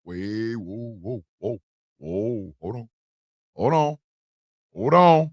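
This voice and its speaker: Loud, slangy male streamer. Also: lowish voice, animated, slow pace, no echo. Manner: slangy, stammering, loud outbursts. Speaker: streamer and political commentator. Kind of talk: casual reaction commentary.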